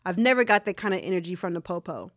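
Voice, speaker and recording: A woman's voice: on the low side, big pitch swings, quick pace, no room sound. Easygoing woman co-host, dry close sound. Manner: conversational, frequent agreeing murmurs, wry. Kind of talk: casual chat and reading a post aloud.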